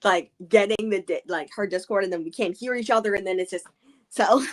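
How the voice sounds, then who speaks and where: A woman's voice: medium pitch, brisk. Hesitant woman co-hosting a book chat. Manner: hesitant, trailing off, laughing easily. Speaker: book club co-host. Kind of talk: casual livestream chat.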